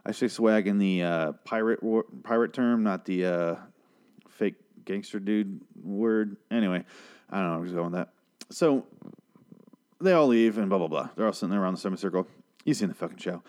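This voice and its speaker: A man's voice: lowish voice, normal speed, a little mellow, smooth. A man giving a rambling, casual recap of a TV episode, swearing often and adding sarcastic asides. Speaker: show recapper.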